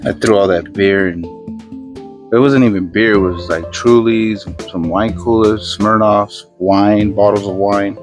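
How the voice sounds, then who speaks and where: A man's voice: on the low side, fairly even intonation, a little slow, music in the background. An older man chatting casually into his phone camera outside by his garage, rambling and easygoing as he works. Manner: rambling, easygoing, talks to himself while working. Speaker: vlogger. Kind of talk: casual day-in-the-life vlog. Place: outdoors by his garage, working on a fridge.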